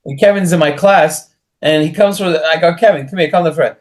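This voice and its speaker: A man in casual conversation, his voice sitting a touch higher than most men's. He tells stories with lively gestures in his voice, jumping into little voices for the people in them. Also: fast talker. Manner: animated, acts out voices in anecdotes. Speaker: martial arts instructor and interviewer.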